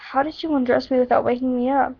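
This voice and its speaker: A woman reading the soft, subdued lines of a troubled teenage boy, on a dull lo-fi recording. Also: high-pitched, steady tone, fast, gravelly. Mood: surprised.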